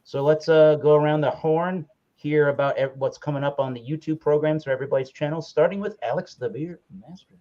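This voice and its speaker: A man's voice: on the high side, steady tone, fairly quick. A man hosting a casual livestream chat, rambling and often correcting himself as he talks. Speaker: livestream host. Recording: slightly dull lo-fi audio.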